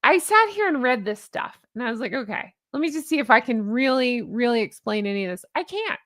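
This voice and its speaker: A woman in her forties with a fairly high voice talks through a casual commentary vlog. She is sarcastic and exasperated and laughs often. The sound is dry and close, with no room echo. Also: big pitch swings, fairly quick, a bit bright. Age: 40s. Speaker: commentary vlogger.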